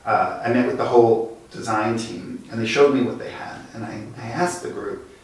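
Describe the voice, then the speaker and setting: A man shares workplace stories as an interview guest, with a middling pitch and quick, lively bursts of speech. His voice is picked up from a distance and bounces around a very echoey room. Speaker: guest, design executive. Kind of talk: conversational storytelling.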